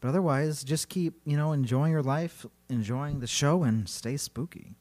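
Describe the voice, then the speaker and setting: A man's voice: on the high side, normal speed. A man co-hosting a podcast, chatting casually and joking playfully. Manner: joking, playful, goofy voices. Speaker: podcast co-host. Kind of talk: casual comedic chat.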